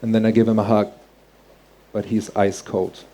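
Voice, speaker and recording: A man's voice: lowish voice, little pitch movement, moderate pace, mellow. A man telling a personal story on stage, earnest and heartfelt, in vivid present tense. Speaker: speaker.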